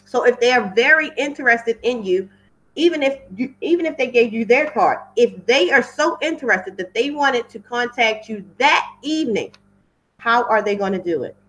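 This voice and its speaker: A woman's voice: on the high side, animated, normal speed, fairly bright tone, rough recording. A woman hosting a webinar for wedding pros, chatty and off script, repeating words for emphasis over a computer mic. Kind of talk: casual talk from a webinar.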